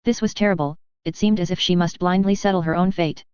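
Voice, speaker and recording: A woman reading a novel aloud as an audiobook narrator, measured and clear. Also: on the low side, steady tone, a little mellow, no room sound, highs cut off. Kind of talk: scripted narration.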